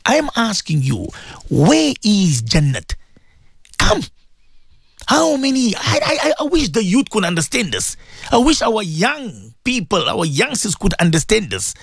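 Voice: mid-range voice, sing-song, measured pace, creaky, slightly rough, no room sound, studio quality. A radio host giving a preaching talk, emphatic and repetitive, asking rhetorical questions and dropping Arabic religious phrases into English.

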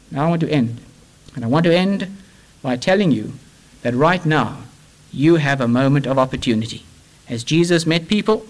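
A man preaching a sermon, impassioned, moving between loud urging and hushed pleading. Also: high-pitched, low-quality recording.

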